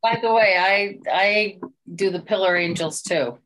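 A woman's voice: mid-range voice, a little slow, fairly bright tone. A middle-aged woman sharing a personal church experience in casual spoken testimony, rambling and emotional, with many restarts.

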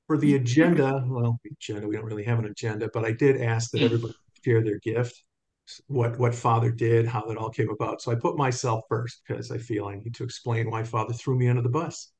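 A man's voice: mid-range voice, a little mellow. A man leading a small spiritual fellowship group, talking earnestly and telling stories with quoted dialogue. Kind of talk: informal spiritual talk to a group.

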